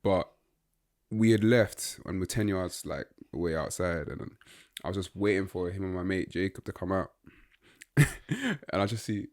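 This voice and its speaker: A man's voice: low-pitched, moderate pace, a little mellow. A young man co-hosting a casual podcast, teasing his friend in a laid-back way with street slang. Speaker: podcast co-host.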